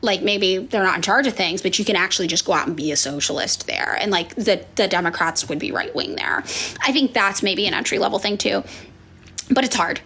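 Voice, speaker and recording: A woman in casual chat, answering viewer questions as a political influencer, frank and profane, with sighs and fillers, and she acts out other people in sudden high voices. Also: fairly quick, sharp tone, slightly rough. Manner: chatty with many fillers and sighs.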